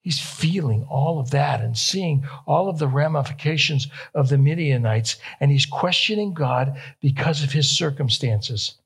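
A man's voice: fairly high pitch, a little slow, gravelly, hardly any pauses, breathy edge. A young man preaching a sermon, stressing key phrases and repeating them, rising with feeling on quoted questions. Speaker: pastor.

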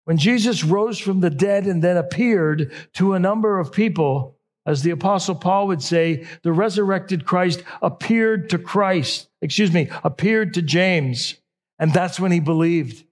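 A man's voice: high-pitched, a little slow. A middle-aged man preaching a sermon in a conversational way, often correcting himself mid-sentence. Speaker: pastor.

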